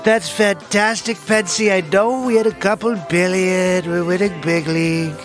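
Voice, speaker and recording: A man's voice: high voice, fairly even intonation, moderate pace, music in the background, pitched below the performer's own voice, lightly acted. A man putting on an impression of a boastful, blustering male president who repeats himself. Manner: boastful, repetitive phrasing.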